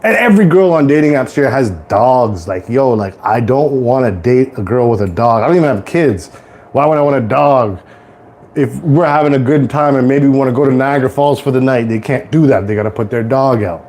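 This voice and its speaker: A young man from Toronto hosting a casual live cooking stream, rambling to viewers in relaxed slang from his home kitchen. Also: mid-range voice, brisk. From Toronto, Canada. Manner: laid-back rambling slang-heavy talk to viewers. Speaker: livestream host.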